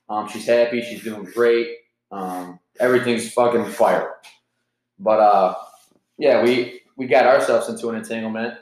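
Rambling, profane young man in an echoey room. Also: lowish voice. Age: 20s. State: jittery from caffeine. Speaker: podcast host. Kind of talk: casual solo podcast monologue.

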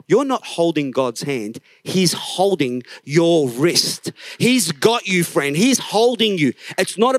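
A middle-aged man preaching a sermon in a church service, emphatic, dropping to a hush and then rising, now and then singing a line of a song. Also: high-pitched, no echo. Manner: emphatic, swings from hushed to raised, sings snatches of songs. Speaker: pastor.

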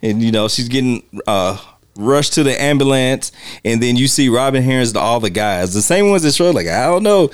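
Male podcast host, casual film chat, animated delivery with voices and laughter. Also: mid-range voice, normal speed, clear, resonant tone, no room sound. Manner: animated, acts out movie quotes with laughs.

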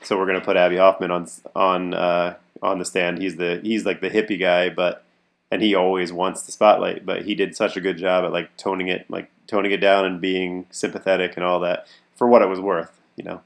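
A man's voice: sits low, little pitch movement, a little fast, vocal fry. A man co-hosting a podcast, talking casually about a film, often laughing and restarting his sentences. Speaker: podcast co-host. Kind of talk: casual movie discussion.

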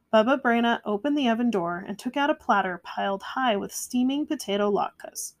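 A woman reading a children's picture book aloud in a gentle, measured way. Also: on the high side, animated. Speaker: storyteller. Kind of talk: storybook read-aloud.

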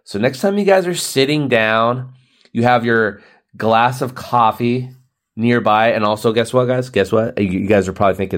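A man in his thirties hosting a podcast, rambling through a comedic rant, laughing often and jumping into high-pitched exclamations. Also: normal speed. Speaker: podcast host.

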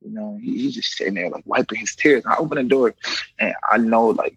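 A man who works as a correction officer, telling stories in a casual, animated way and acting out the voices of the people in them. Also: fairly low pitch, quick pace, gravelly, husky, dry recording, lo-fi sound. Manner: animated, acts out quoted voices, fills with "you know what I mean". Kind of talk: casual storytelling in an interview.

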